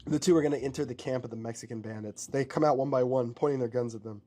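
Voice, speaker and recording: A man's voice: medium pitch, steady tone, quick pace, hardly any pauses, a little mellow. A man casually improvising a story aloud, rambling with fillers.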